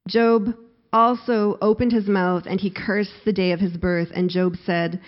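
A middle-aged woman delivers a sermon in a middle-pitched voice. She acts out quoted laments with growing intensity. The recording sounds slightly dull and lo-fi. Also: unhurried. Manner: expressive, acts out quoted laments with rising force. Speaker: pastor.

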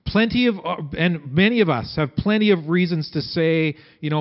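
Guy preaching, chatty and animated, kinda high voice, muffled audio. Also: moderate pace, few pauses. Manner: conversational preaching, acting out quotes with big swings in pitch and loudness. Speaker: pastor. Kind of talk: sermon.

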